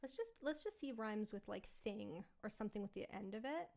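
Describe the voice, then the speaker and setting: Working out a song live for her stream, this woman chats casually, thinks aloud and scats pieces of the melody. She sounds animated and fairly quick, with a medium pitch, a darkish tone and vocal fry.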